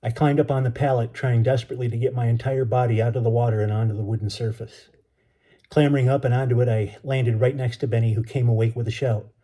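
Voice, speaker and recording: A man reads a chapter of his own novel aloud as an author and teacher, easy and relaxed. His tone is mellow and dark at an average pitch. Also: fast talker. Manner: casual, relaxed greeting. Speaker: author and educator.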